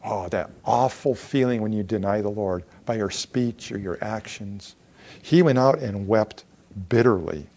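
A man's voice: on the low side, unhurried, darkish tone. A man preaching a sermon, reading scripture aloud, acting out the voices of the figures and asking the listeners questions. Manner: asks the congregation questions. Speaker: pastor.

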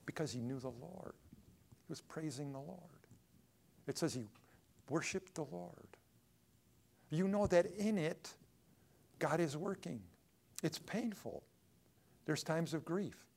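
Animated male preacher. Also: on the high side, gravelly. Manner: animated preaching, swings from loud to hushed. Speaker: pastor. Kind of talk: sermon. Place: church.

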